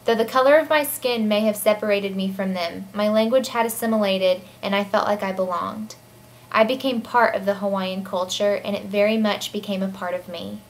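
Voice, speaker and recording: A woman's voice: mid-range voice, steady tone, normal speed. A young woman presenting a personal class project in upbeat, earnest scripted narration. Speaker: student presenter.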